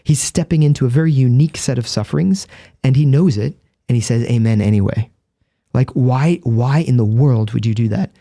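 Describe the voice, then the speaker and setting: A man's voice: medium pitch, a little fast, mellow, no echo. A man, a Catholic priest and guest, explaining in earnest, vivid storytelling with a close studio microphone. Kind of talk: conversational explanation.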